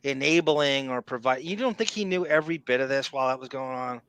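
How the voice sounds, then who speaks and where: Brief: male podcast co-host, bright, tense tone, dry close sound, rambling and opinionated. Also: medium pitch, brisk, smooth, dry recording. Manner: animated, opinionated, rambling with restarts. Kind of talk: casual chat.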